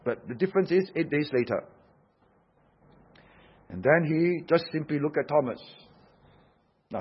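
A male preacher delivers his sermon with a husky edge to his voice. He is emphatic, dropping into hushed tones and then pressing hard on key phrases. The recording sounds dull and lo-fi. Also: on the high side. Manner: emphatic, swings from hushed to loud.

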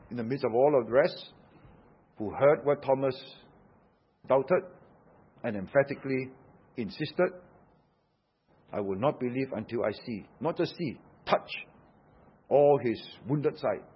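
A man preaching a sermon, emphatic, swinging from hushed, low passages to loud, insistent ones. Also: unhurried, pauses often, husky, highs cut off.

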